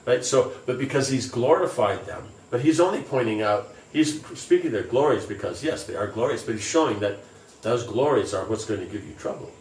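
A man's voice: mid-range voice, expressive, brisk, darkish tone, slight background noise. A man reading scripture aloud and explaining it casually, with many fillers, in a distant, roomy recording. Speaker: scripture teacher. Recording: roomy, distant, faint ambience.

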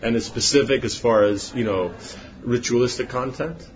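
A man's voice: medium pitch, moderate pace, highs cut off. A man giving an informal spiritual class, rambling with many rhetorical questions and asides. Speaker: spiritual teacher.

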